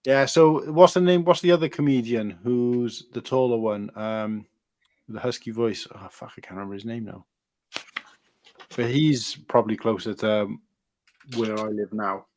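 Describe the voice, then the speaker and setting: A man's voice: lowish voice, fairly even intonation, normal speed, darkish tone. A Welsh man with a mixed accent from around Barry, co-hosting a casual chat in sweary, rambling banter. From Wales.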